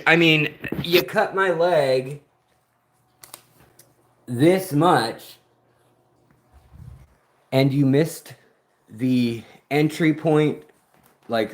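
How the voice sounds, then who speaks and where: A man's voice: medium pitch, fairly bright tone. A man hosting an aquarium channel, rambling through a casual livestream chat as he walks among his fish tanks. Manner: rambling, chatty, slow-paced storytelling. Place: outdoors near his fish tanks at sunset.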